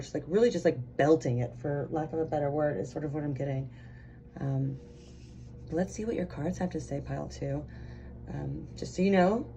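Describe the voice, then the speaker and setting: Chatty, excitable woman reading tarot. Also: low-pitched, slight background noise. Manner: chatty and excitable, rambling with many fillers. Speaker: tarot reader. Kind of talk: casual pick-a-card tarot reading.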